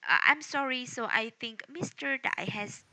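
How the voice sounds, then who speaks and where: A woman teaching an English class over a video call, patiently moderating students and gently correcting their grammar. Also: fairly high pitch, normal speed, no echo, poor audio.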